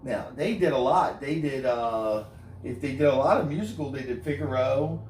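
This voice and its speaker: A man's voice: mid-range voice, lively intonation, normal speed, darkish tone, slight background noise. A middle-aged man co-hosting a casual countdown, reading through lists with plenty of fillers and hesitations. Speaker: co-host. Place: bar with live audience. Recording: echoey room from far off, faint ambience.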